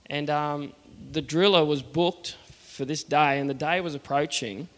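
A man's voice: a little high, unhurried, big-room sound. Earnest Australian man telling a testimony. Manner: earnest, plain-spoken, acts out the dialogue. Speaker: churchgoer telling his faith story. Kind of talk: personal testimony storytelling.

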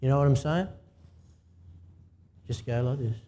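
A man's voice: mid-range voice, a little slow, dark tone. A man with an Australian accent preaching a sermon in an informal, talkative way and asking the congregation to answer him. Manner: conversational preaching, asks the congregation to respond. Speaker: pastor.

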